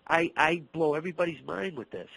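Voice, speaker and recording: Animated middle-aged man telling stories. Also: on the high side, brisk, creaky, slightly rough, no room sound, poor audio. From Boston area. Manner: animated storyteller, acts out dialogue, repeats words. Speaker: martial arts instructor. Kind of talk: storytelling interview.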